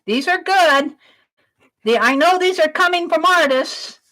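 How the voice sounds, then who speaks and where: A woman hosting an art livestream, slowly reading out her viewers' questions one by one and praising them as she writes them down. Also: extremely high pitch, lively intonation, a bit bright. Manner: slow, reads out each viewer question and praises it.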